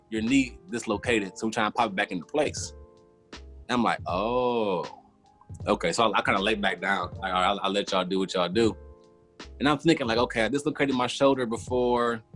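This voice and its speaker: A man's voice: lowish voice, fairly bright tone. A man, casually telling a long story as a podcast guest and acting out his own past reactions. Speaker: former football player, guest.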